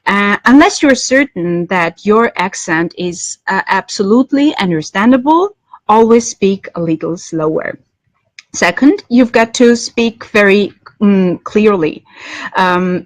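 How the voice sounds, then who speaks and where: A woman English lecturer teaching business English, explaining in a measured way with frequent ums and restarts. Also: mid-range voice, no room sound. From Armenia.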